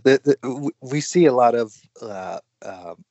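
A man's voice: mid-range voice, lively intonation, darkish tone, no echo, muffled recording. A man hosting a sports podcast, chatting casually and stumbling over words as he starts sentences. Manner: halting, repeats words when starting a sentence. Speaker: podcast host.

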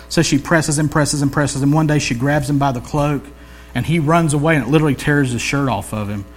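A man's voice: fairly high pitch, brisk. A man preaching a sermon in a loose, conversational storytelling way, with jokey asides and slang.

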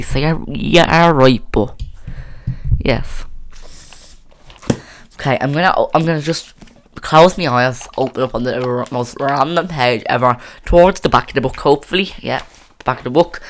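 A teenage podcast host chatting casually, rambling with lots of restarts, close on a boom mic. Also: normal speed, pauses often. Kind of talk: casual chat. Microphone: boom mic on a stand.

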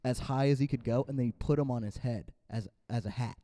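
A man's voice: mid-range voice, fast talker, dark tone, no room sound, clean studio sound. A young man co-hosting a podcast, telling a rambling story in casual chat with many "like"s and restarts. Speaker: podcast co-host.

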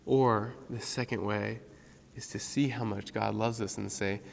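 A man giving an informal devotional talk, halting often with fillers as he tells a story. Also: on the low side, steady tone, gravelly, long reverb tail. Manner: casual, halting with many fillers.

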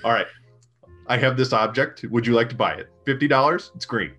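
A man's voice: medium pitch, brisk, fairly bright tone, faint music behind, close to an everyday voice. A man improvising a pushy male carnival hustler who rambles and sets fussy rules. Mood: wheedling. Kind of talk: improvised comedy role-play.

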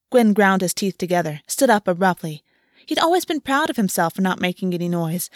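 A woman narrating a fantasy audiobook in a calm, even storytelling manner. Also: mid-range voice, dry recording, clean studio sound.

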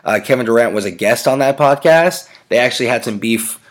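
A man's voice: mid-range voice, expressive, a little fast. A man hosting a casual sports podcast, ranting with strong opinions. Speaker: podcast host.

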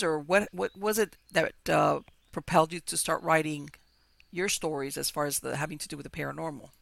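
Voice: mid-range voice, creaky, sharp tone, no echo. An interview host who asks questions and reacts eagerly to the guest's story. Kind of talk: casual interview.

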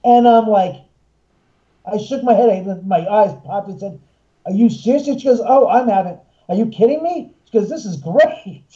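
Man telling a ghost story, dark-toned. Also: sits high, normal speed, dull audio. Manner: acts out quoted voices, excitable. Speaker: haunted house owner and filmmaker. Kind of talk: animated storytelling.

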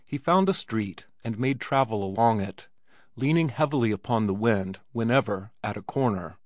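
A man reading a classic story as an audiobook narrator, measured and even. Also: medium pitch, dry recording, studio quality. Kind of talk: scripted narration.

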